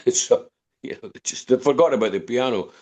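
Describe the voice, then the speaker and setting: The speaker is an older Dundee man with a Scottish accent, a guest musician on a podcast. His husky, slightly mellow voice sits at medium pitch and moves at a moderate pace as he tells long anecdotes, often repeating himself and restarting.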